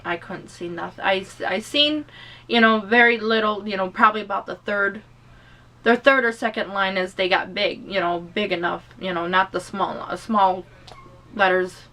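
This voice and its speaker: A woman's voice: mid-range voice, normal speed, bright, forceful tone. Rambling woman vlogger, distant from mic. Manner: rambling, full of "you know" and restarts; emotional, holding back tears. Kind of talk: casual personal storytelling.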